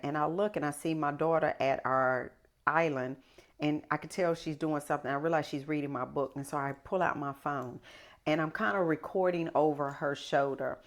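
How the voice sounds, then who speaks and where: Low-voiced woman telling her story. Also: normal speed. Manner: animated, emphatic storyteller. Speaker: podcast guest. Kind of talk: casual conversational storytelling.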